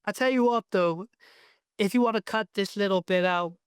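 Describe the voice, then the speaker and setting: A man's voice: sits high, moderate pace, clear, resonant tone, dry recording, studio quality. A young man from Wales with a Cardiff Welsh accent, chatting casually as an interview guest and rambling with lots of fillers and restarts. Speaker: professional wrestler, guest.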